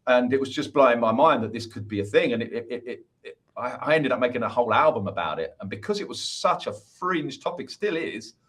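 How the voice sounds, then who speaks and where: A man's voice: mid-range voice, expressive, brisk, a bit bright. A man who is a musician, a guest on a podcast, explaining his views at length in a casual, earnest, rambling way with many restarts. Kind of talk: casual interview chat.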